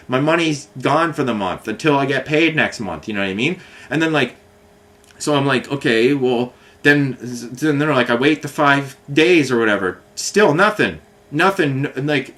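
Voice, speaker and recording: A man's voice: medium pitch, fairly bright tone. A man telling a long complaint story in a casual monologue, rambling and frustrated, with many fillers and restarts. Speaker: vlogger.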